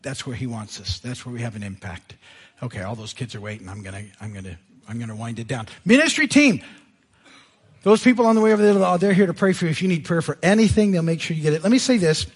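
Husky-voiced man preaching a lively sermon. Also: fairly high pitch, fast. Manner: animated, retells scripture with lively asides. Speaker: pastor. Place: church sanctuary.

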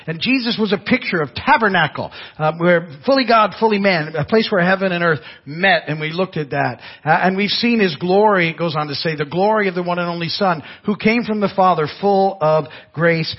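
A man's voice: high-pitched, a little fast, few pauses, husky. An older man preaching a sermon as pastor, telling folksy stories with frequent restarts. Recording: dull lo-fi church audio.

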